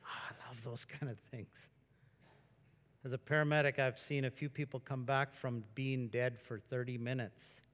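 A man preaching a sermon in a conversational, storytelling way, at times breaking into excited exclamations. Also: medium pitch, moderate pace. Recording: long reverb of a large hall.

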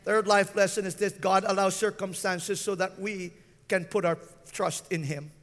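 A man's voice: high-pitched, little pitch movement, moderate pace, a bit bright, big-room sound. A man preaching a sermon as pastor, often calling out questions to his listeners. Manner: preaching with frequent call-outs to the listeners.

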